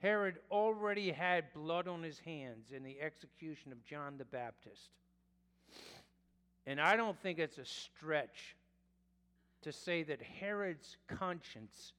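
A male pastor preaching a sermon in a slow, deliberate way, sometimes correcting himself mid-phrase. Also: a little high, a bit bright. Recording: long reverb of a church hall.

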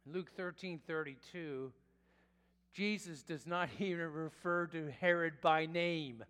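A male pastor preaching a sermon in a slow, deliberate way, sometimes correcting himself mid-phrase. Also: on the high side, fairly bright tone. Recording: long reverb of a church hall.

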